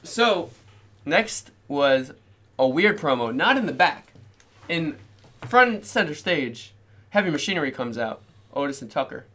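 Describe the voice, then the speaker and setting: A man's voice: on the high side, very animated, unhurried, a bit bright. A man co-hosting a casual podcast, recapping things in a rambling, self-mocking way. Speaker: podcast co-host. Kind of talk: casual chat.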